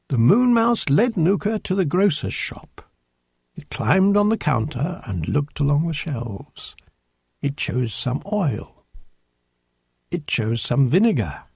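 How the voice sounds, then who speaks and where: Male storyteller, slow, husky and gravelly, very lively pitch, dry close sound. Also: no room sound. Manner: slow, expressive read-aloud with lively pitch. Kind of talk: storybook reading aloud.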